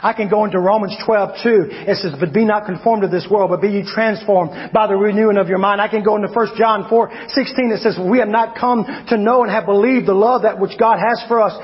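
Male pastor, high voice, emphatic sermon delivery, dull lo-fi recording. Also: steady tone, fairly quick, few pauses. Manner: preaching with swings from loud emphatic shouts to low quiet asides. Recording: long hall reverb, dull lo-fi sound.

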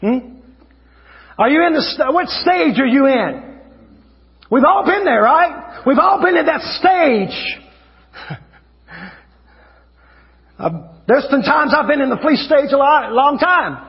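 High-voiced fervent male preacher. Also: animated, measured pace, pauses often, in a large hall, highs cut off. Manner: fervent, shouting at peaks, repeats phrases. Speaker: evangelist preacher. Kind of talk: sermon. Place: church hall.

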